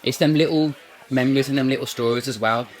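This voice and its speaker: A man's voice: mid-range voice, fairly even intonation, fast talker. Friendly male host from the Midlands. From English Midlands. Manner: friendly interviewer, easy banter. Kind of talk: casual chat. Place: pub.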